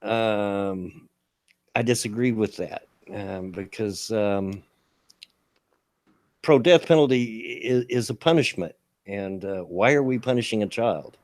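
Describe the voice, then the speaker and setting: A man's voice: lowish voice, slow pace, a little mellow, dry recording, clean studio sound. A man from Kentucky with a Kentucky accent, hosting a casual talk show and reading out chat messages in an easygoing way. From Kentucky, USA. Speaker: host.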